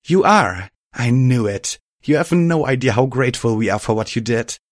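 A man's voice: mid-range voice, moderate pace, no room sound, clean studio sound, voice pushed up, natural voice. A man voicing a grateful, wide-eyed mare pony who is a mother.

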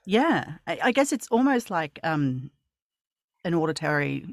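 A woman's voice: low-pitched, sing-song, unhurried, no echo, clean studio sound. A woman interviewing a guest in a casual conversation, effusive and rambling, with many fillers and restarts.

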